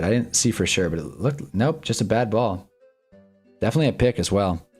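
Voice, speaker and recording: A young man casually reacting to live football games on a stream, swinging from low muttering to excited yelling at big plays. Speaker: sports streamer. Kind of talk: live football watch-along commentary. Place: home streaming room with green screen.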